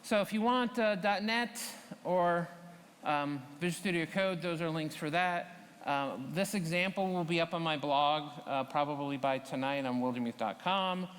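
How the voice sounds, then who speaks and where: A man explaining a live coding demo at a tech conference, talking to the audience in a relaxed, explanatory way. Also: a little high, normal speed, in a large hall. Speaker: conference speaker. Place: conference hall.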